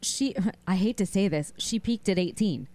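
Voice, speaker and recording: A woman's voice: medium pitch, lively intonation, moderate pace, warm tone. A young woman co-hosting a casual chat, talking in a loose, chatty way with lots of fillers. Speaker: talk show co-host.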